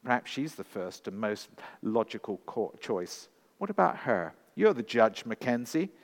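A man voicing a calm, wise woman who presses a grieving father with searching questions, read aloud in a church with long reverb. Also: mid-range voice, unhurried. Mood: calm probing.

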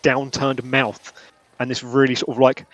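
A man narrating as game master, halting and rambling with many restarts. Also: medium pitch, monotone, a bit bright, dry recording.

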